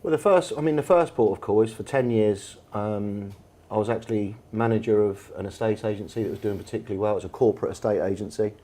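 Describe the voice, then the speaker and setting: A man's voice: fairly low pitch, fast talker, hardly any pauses, dark tone. Chatty Englishman telling football stories. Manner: chatty, anecdotal, with frequent fillers. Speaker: football manager and guest speaker. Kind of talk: storytelling in an on-stage conversation. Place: bar event room with an audience.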